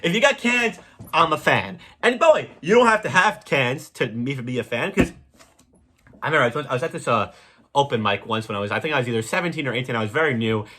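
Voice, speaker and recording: A young man hosting a podcast, delivering a crude, rambling comedic monologue with sudden loud jumps. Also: medium pitch, animated, fast talker. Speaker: podcast host.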